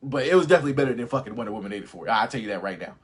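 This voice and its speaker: A man's voice: medium pitch, rapid-fire, slightly rough. A man hosting a casual live stream, talking animatedly with lots of swearing and laughter, and reading viewer comments aloud. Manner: animated, profane, laughs often. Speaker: host of a live movie review stream.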